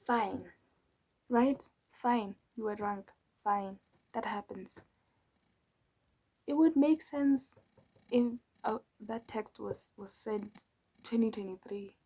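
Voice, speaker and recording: Slow, breathy woman. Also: mid-range voice, warm tone, low-quality recording. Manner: drawling, often trailing into whispers; exasperated and mocking. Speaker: channel host. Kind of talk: casual storytelling.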